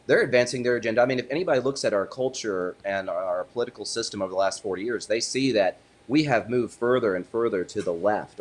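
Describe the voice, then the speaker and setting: A man, an attorney, giving a political interview in an emphatic, argumentative way. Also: on the low side. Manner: emphatic, builds to forceful punchlines.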